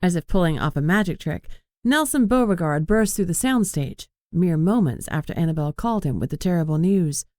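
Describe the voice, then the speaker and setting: Male narrator, even measured reading, dry studio sound. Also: sits high, no echo. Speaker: audiobook narrator. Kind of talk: scripted narration.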